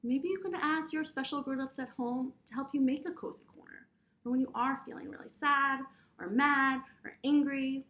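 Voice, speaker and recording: A young adult woman, a teacher, giving young children a gentle, encouraging lesson with breathing exercises and speaking straight to them. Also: high voice, fairly even intonation, normal speed. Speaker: preschool teacher.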